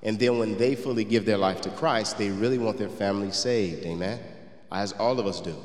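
Here the pastor's voice sits fairly low and moves briskly as he reads ancient scripture in his sermon. Turning to a personal story that touches him, he becomes quiet and emotional, his words echoing with long reverb through a spacious hall.

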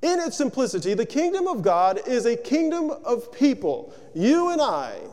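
A man's voice: very high-pitched, very animated, moderate pace, darkish tone, in a large hall. A man preaching a sermon, working through rhetorical questions in a loose, conversational way.

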